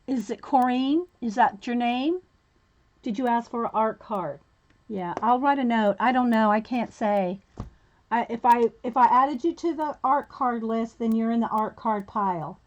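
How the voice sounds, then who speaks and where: A woman's voice: on the high side, a little slow, dull audio. A woman hosting a crafting livestream, chatting casually and greeting viewers by name while she cuts and sorts art cards. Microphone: camera mic set low on the desk.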